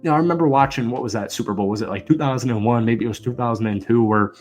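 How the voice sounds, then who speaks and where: A man hosting a football channel, giving an energetic, emphatic sports commentary rant. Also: mid-range voice, quick pace, soft background music.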